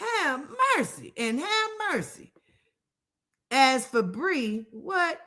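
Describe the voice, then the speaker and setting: A middle-aged woman with a high, bright, forceful voice gives casual live-stream commentary at a slow, drawn-out pace. She is blunt and profane, laughs often and answers her viewers' comments as she goes. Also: sing-song.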